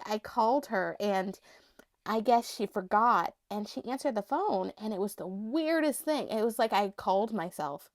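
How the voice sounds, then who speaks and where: High-voiced woman chatting casually about dolls. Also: no echo, clean studio sound. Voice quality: high, thin voice. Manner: rambling, laughs often, restarts sentences. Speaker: doll collector showing her collection. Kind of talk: casual unscripted vlog chat.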